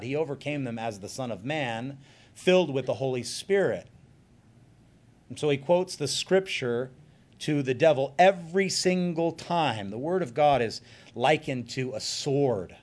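Man preaching with quiet asides and loud bursts. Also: medium pitch. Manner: conversational preaching with joking asides; swings from quiet, soft remarks to loud emphatic bursts. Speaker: pastor. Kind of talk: sermon.

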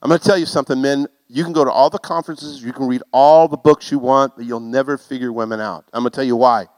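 A middle-aged man preaches through a personal story with lively, self-mocking humor. His voice sits at a middling pitch and rises to loud exclamations. The sound is dry and close, with no room echo. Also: quick pace. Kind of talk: sermon storytelling.

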